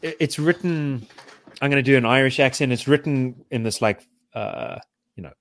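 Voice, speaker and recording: A man with a medium-pitched voice chats casually on a podcast at normal speed. He rambles as he explains, with many fillers and restarts.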